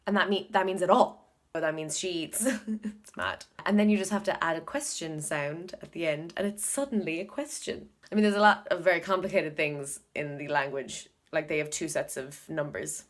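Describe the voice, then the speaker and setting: Speaking in a low, unhurried voice, an Irish woman who vlogs about learning Korean chats casually with her audience. She thinks out loud and keeps repeating words to practise them.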